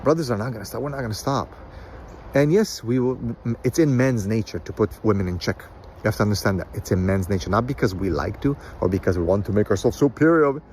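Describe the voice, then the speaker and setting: A man speaks in a low, steady voice and lectures bluntly and forcefully. He mocks the people he quotes by pitching his voice up. A faint hum of noise sits under the recording. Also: quick pace. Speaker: Islamic counselor and commentator. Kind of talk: opinionated monologue.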